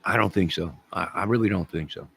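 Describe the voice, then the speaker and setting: A man's voice: deep voice, a little fast, gravelly, slightly rough. A man from the American South hosting a casual live stream, rambling jokily and talking to his chat viewers by name.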